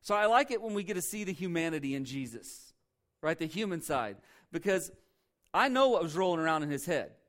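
A pastor preaches to his congregation in a fairly high voice, leaning hard on key words. He keeps it conversational, tossing rhetorical questions out to the room. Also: sing-song, brisk, fairly bright tone. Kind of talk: sermon.

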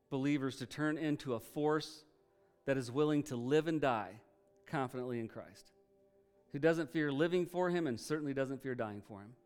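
Smooth-voiced man preaching a sermon. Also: mid-range voice. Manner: emphatic preaching, rising to loud peaks then dropping to soft prayer. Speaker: pastor. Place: church.

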